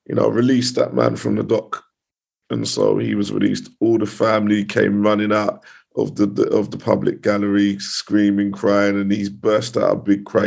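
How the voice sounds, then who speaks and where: A British criminal barrister telling a story in a relaxed podcast interview, lively, with many restarts and asides. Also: male voice, lowish voice, creaky. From United Kingdom.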